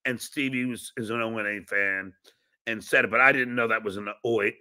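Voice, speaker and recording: A man's voice: fairly low pitch, fairly even intonation, a little fast, sharp tone. A middle-aged man hosting a podcast, talking in a profane, combative way and ranting about a rival. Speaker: podcast host. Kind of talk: casual podcast chat.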